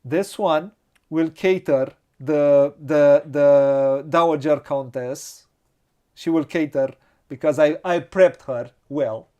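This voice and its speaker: Slow, musing Romanian-accented man. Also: on the high side, dark tone, muffled recording. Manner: slow, hesitant, muttering to himself, laughs often. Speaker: board game channel host. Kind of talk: thinking aloud during a board game playthrough.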